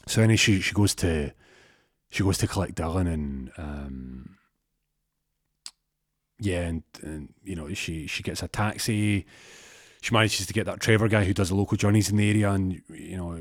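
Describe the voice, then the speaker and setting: A man tells a comic story, rambling and restarting as he goes. His voice is on the low side. The recording is dry and close. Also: moderate pace, pauses often, dry recording.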